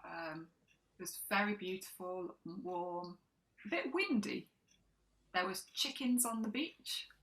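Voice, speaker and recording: Woman, co-host; bright, giggly storyteller who trails off and restarts. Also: mid-range voice, unhurried, rough recording. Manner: laughs often, trails off and restarts. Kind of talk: casual chat.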